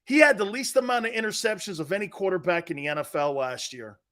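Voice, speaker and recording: A man hosting a sports talk stream, reading fan comments and trash-talking in loud, brash bursts. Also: high voice, lively intonation, fast. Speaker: sports talk show host.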